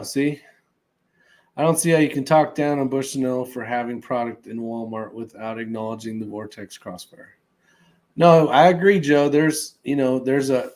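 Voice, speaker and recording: A man hosting a relaxed livestream, reading viewer comments aloud and chatting loosely with plenty of fillers and chuckles. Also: mid-range voice. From California. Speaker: host reading live chat. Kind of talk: casual livestream chat.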